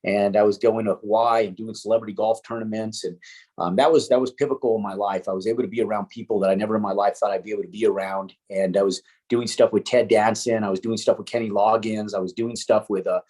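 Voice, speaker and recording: A middle-aged man tells a story from his own past, relaxed and conversational. His voice sits a bit low and has a husky edge. He swears freely and acts out other people's lines in dialogue. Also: fast. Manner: swears casually, animated with quoted dialogue. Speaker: interview guest, entrepreneur. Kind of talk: casual storytelling.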